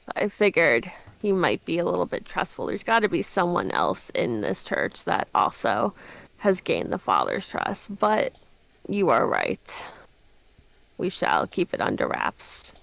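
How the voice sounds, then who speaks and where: A woman's voice: lowish voice, wildly swooping pitch, unhurried, vocal fry, a bit bright. A woman playing a tabletop game, who animatedly narrates what her character does. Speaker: player.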